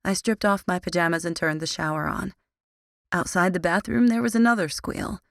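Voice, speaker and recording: Audiobook narrator, woman, low and gravelly, wry deadpan read, dry studio sound. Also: moderate pace, no room sound. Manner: dry, sardonic, grumbling. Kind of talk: first-person audiobook narration.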